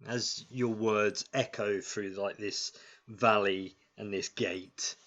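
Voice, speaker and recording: Slow, halting game master, bright voice. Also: male voice, lowish voice, steady tone. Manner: halting, many fillers and restarts. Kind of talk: narrating a tabletop game. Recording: dull lo-fi sound.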